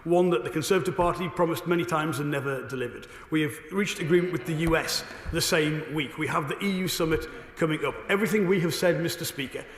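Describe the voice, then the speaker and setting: A slightly hoarse man speaks as a government minister in a parliamentary debate, his delivery brisk and assured. His voice sits a little high and runs fast, while the chamber around him gives it a long, roomy echo. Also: slight background noise. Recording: echoey chamber with long reverb.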